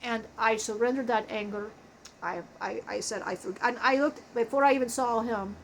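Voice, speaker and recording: A woman telling an emotional spiritual life story in a halting way, often breaking off and restarting her sentences. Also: fairly high pitch, fairly even intonation, a little hiss or hum, low-quality recording. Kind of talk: channeled personal storytelling.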